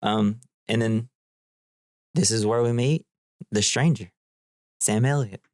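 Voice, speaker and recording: A man's voice: lowish voice, slow pace, a little mellow, dry recording, clean studio sound. A man co-hosting a movie podcast, retelling scenes in a loose, rambling way, full of "like". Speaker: podcast co-host. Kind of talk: casual movie-recap chat.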